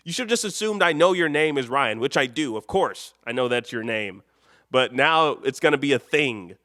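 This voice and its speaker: A man's voice: fairly high pitch, expressive, normal speed, pushed and bright, no echo, studio quality. A man from Chicago hosting a late-night live stream, rambling and joking with the chat and laughing often. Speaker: live show host.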